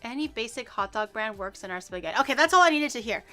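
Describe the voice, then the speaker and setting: A woman VTuber chatting casually while cooking on a livestream, animated and quick to laugh, swearing casually and poking fun at herself. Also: a little high, soft background music. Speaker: VTuber streamer.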